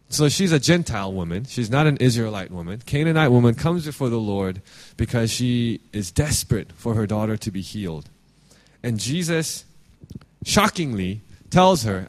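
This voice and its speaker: A man's voice: mid-range voice, animated, moderate pace. A man giving an earnest, conversational sermon as pastor, reading scripture and restarting his phrases often.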